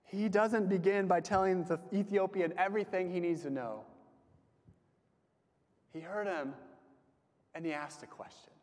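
A young man giving a casual sermon to a campus group, talking conversationally with lots of fillers and letting his phrases trail off softly. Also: sits high, unhurried, pauses often. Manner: conversational, frequent "like" fillers, dips soft at phrase ends. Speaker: campus ministry speaker. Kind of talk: casual sermon with personal stories. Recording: long hall reverb.

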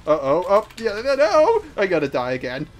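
A man giving live gameplay commentary, excitable and trash-talking, swinging from muttering to shouting. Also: high voice, moderate pace. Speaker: gaming YouTuber.

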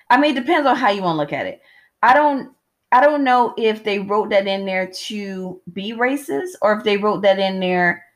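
Chatty woman co-hosting a movie podcast. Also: medium pitch. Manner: chatty, laughs, searches for words. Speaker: podcast co-host. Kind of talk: casual movie review chat. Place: hot room at home during a power cut.

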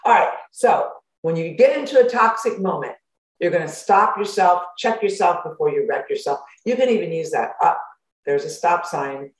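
A woman gives a motivational self-help talk as a life coach, animated and conversational, laughing often and slipping into worried inner thoughts. Her voice comes through a computer microphone. The room around her gives the sound a noticeable echo. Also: fairly low pitch, moderate pace. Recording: roomy echo.

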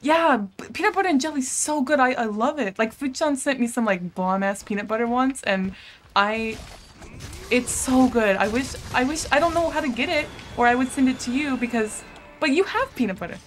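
A woman's voice: sits high, moderate pace, a little hiss or hum. A young woman streaming a game, chatting casually and giggling with her viewers, swearing now and then. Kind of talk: casual live-stream chat while gaming.

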